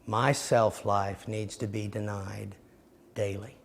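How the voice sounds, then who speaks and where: A man's voice: lowish voice, flat delivery, slow pace, vocal fry, a little hiss or hum. A man teaching a sermon-style seminar, telling earnest stories that act out little scenes. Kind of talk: teaching sermon with personal illustrations.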